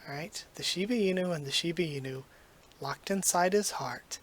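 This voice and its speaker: Reading through a manga, a man reacts with excited gushing, so emotional he's close to tears and stumbling over his words. His voice is fairly high and his pace moderate.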